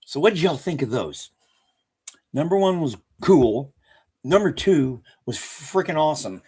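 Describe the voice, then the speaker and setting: A man's voice: a little high, lively intonation, unhurried, a little mellow, slightly rough. A man with a Southern accent hosting a casual livestream, rambling and chuckling as he corrects himself mid-sentence. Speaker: livestream host. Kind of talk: casual live chat.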